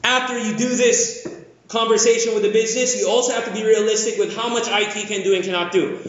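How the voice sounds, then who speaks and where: Energetic male keynote speaker from the Philippines, bright high voice, echoey lo-fi hall sound. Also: quick pace. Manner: energetic, jokey, asks the audience questions. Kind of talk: conference keynote talk. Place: large conference hall.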